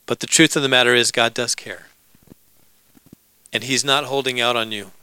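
A male pastor delivers a sermon in a bright, crisp voice. He preaches casually, mixing humor and asides to the congregation. The sound is dry and close. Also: mid-range voice, fairly even intonation, normal speed, dry recording, low-quality recording.

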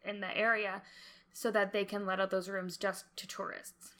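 A young woman co-hosting a podcast in casual chat, animated and chatty, laughing often. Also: medium pitch, a little fast. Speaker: podcast co-host.

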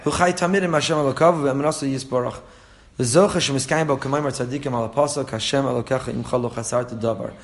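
Barely pausing, a man with a medium-pitched voice keeps a quick pace as he teaches a Torah class. He reads and translates texts, explains passages earnestly, often repeats phrases, and chuckles at his own stories. He's young adult to middle-aged, a father of a four-year-old.

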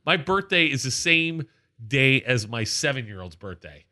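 Bright-voiced rambling man in his forties. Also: mid-range voice, big pitch swings, normal speed. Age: 40s. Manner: loud, rambling storyteller, repeats himself. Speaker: podcast co-host. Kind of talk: casual chat.

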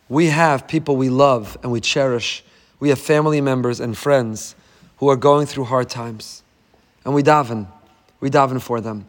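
A man, a rabbi, giving a passionate sermon with dramatic swings between loud declarations and hushed, tender phrases. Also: a little high. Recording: long hall reverb.

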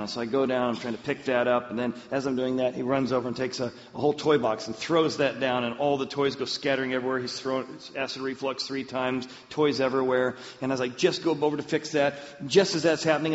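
A man preaching a sermon, telling a personal story in an animated way and acting out the voices he quotes. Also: medium pitch, fairly quick, hardly any pauses. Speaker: pastor. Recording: muffled sound with long hall reverb.

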